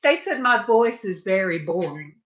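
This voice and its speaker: A woman's voice: mid-range voice, sing-song, moderate pace, lo-fi sound. A middle-aged woman with a Southern US accent chatting casually to her viewers while she paints, rambling and chatty with asides. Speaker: painting livestream host.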